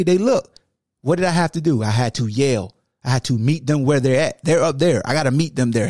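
Animated man hosting a sports talk show. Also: a little fast, dry recording, clean studio sound. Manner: animated, swings from loud to low; casual, conversational phrasing. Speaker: podcast host.

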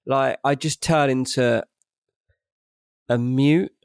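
A man's voice: medium pitch, steady tone, slow pace, creaky, no echo, studio quality. A young British man co-hosting a podcast, telling self-mocking stories in a chatty, matey way. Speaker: podcast co-host. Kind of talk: casual chat.

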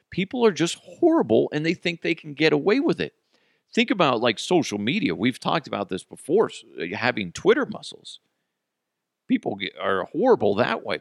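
A man hosting a podcast, telling customer service stories in a casual, animated way, swearing and laughing as he goes. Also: on the low side, creaky, dry recording, clean studio sound. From Colorado, United States. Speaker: podcast host. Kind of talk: casual storytelling.

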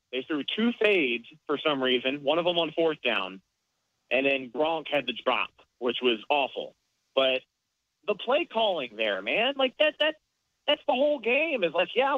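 A man breaks down plays in detail on a casual sports podcast, his voice a little high. The recording sounds dull and lo-fi, with no room echo. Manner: analytical, explains plays in detail. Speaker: podcast co-host.

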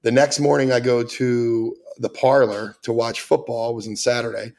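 A man's voice: medium pitch, fairly even intonation, moderate pace, darkish tone. A man in his forties, a podcast guest telling rowdy, profane stories in casual chat and acting out the voices in them. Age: 40s.

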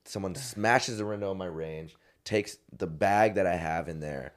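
A man with a very low voice tells a long story in a relaxed, slangy way. He laughs now and then as he talks. He grew up in Arizona. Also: moderate pace. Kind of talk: casual storytelling chat.

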